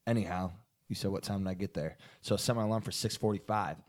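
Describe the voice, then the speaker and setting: A man's voice: on the low side, fast talker. A young man casually telling a rambling story to friends, swearing and saying dude a lot. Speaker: podcast co-host.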